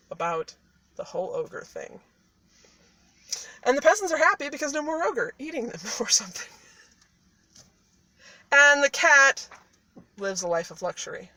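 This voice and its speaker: A woman's voice: medium pitch, sharp tone. A woman casually retelling a fairy tale in a parked car, chatty and irreverent, with swearing and laughing asides. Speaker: storyteller.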